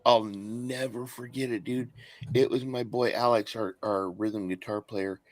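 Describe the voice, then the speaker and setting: A man's voice: medium pitch, fairly even intonation, unhurried, dry recording. A man co-hosting a casual podcast, telling a rambling story with lots of swearing and repeated words. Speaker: podcast co-host.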